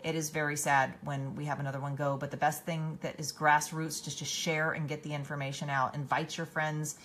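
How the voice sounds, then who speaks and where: A woman's voice: low-pitched, flat delivery, fairly quick, a bit bright, a little hiss or hum. A woman hosting a casual live stream, tired, reading out viewer comments and answering them by name with many fillers and restarts.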